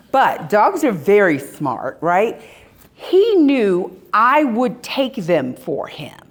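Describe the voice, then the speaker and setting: A woman giving a live spiritual talk to an audience at an expo, telling stories in an animated way and acting out scenes. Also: on the high side. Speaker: spiritual workshop speaker. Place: expo hall.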